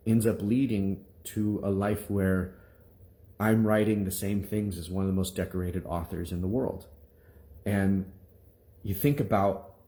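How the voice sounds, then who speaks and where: A man in his twenties, a minister giving a spoken testimony to his viewers, telling a story with energy and acting out the people he quotes. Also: deep voice. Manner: animated storytelling, acts out quoted voices.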